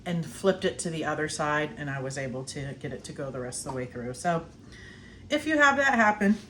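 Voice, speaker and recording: A woman's voice: sits low, expressive, moderate pace, a bit bright, slight background noise. A middle-aged woman casually walking through a kitchen task in her home kitchen, chatty and laughing often as she works. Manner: chatty, laughs often, talks while snacking. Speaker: homestead vlogger. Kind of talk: casual cooking demonstration.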